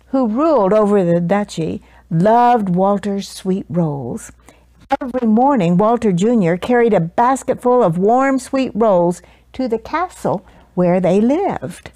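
A woman reading a children's picture book aloud with expressive storytelling. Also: medium pitch, no echo.

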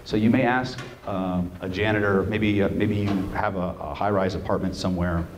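A man presenting a live seminar to an audience, animated and joking, who keeps checking in with "right?". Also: low-pitched, normal speed. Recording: roomy room with faint noise.

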